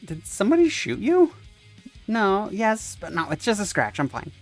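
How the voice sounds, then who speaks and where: A man's voice: sits high, animated, moderate pace, fairly bright tone, pitched above the performer's own voice. A man reading aloud the lines of a self-assured young woman on a stealth mission, in a cool, matter-of-fact way, with faint music underneath. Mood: reassuring. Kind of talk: reading visual novel dialogue aloud.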